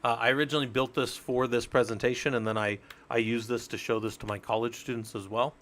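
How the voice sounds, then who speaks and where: A live-stream Linux instructor teaches networking in a steady, slightly bright mid-range voice at a quick pace. His casual, chatty style walks through things step by step while he jokes with viewers in chat.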